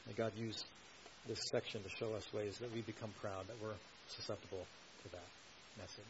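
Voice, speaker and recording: A man's voice: on the low side, fairly even intonation, brisk. A man preaching an expository sermon, explaining a passage with earnest emphasis. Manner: earnest, explanatory, builds emphasis on key points. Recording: slightly dull recording with faint hiss.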